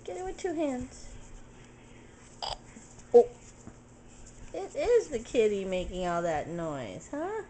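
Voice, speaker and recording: An older woman, a grandmother, talking baby talk to an infant at home in a bedroom, slow and coaxing. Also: a little high, big pitch swings, dark tone, slight background noise. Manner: sing-song, slow and coaxing.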